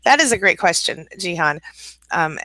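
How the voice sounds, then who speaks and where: A woman's voice: on the low side, animated, moderate pace, sharp tone, no room sound. A woman hosting a casual live-stream coaching chat, laughing often, greeting viewers by name and giving encouraging advice. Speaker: life coach and channel host.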